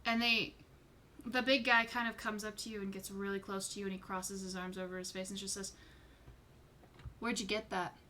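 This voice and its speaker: A woman's voice: mid-range voice, level tone, brisk, pushed and bright, a little hiss or hum. A woman narrating as game master in an online tabletop game. She describes scenes informally and swears casually.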